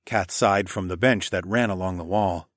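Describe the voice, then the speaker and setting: A man with a fairly low voice reads a first-person audiobook, steady and measured as he tells the story. It's a dry, close studio recording with no echo or surrounding room.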